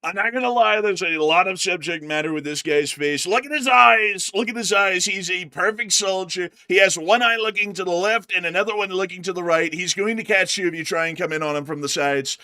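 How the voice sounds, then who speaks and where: A man's voice: high voice, fairly quick, few pauses, sharp tone, clean tone, dry recording. A man co-hosting a late-night live news stream, joking around and boasting in a casual banter style. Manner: joking, boastful, does mocking impressions. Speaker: livestream news co-host.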